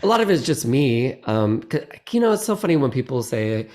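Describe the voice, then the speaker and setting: Man, interview guest, casual chat, rambling, lots of restarts, very lively pitch. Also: fairly quick, hardly any pauses. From United States. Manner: animated and rambling, many restarts and laughs. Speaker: actor guest.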